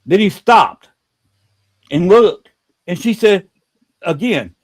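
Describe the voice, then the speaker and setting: Halting, fairly high-voiced man telling a story. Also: lively intonation. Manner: halting, repeats words and restarts often. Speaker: podcast host telling a ghost story. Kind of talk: casual storytelling.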